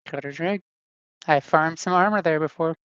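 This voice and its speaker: A woman with a very low, smooth voice chatting casually on a call-in show. She sounds laid-back and joking. Her sound is dry and a bit dull. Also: normal speed, fairly bright tone, dry recording.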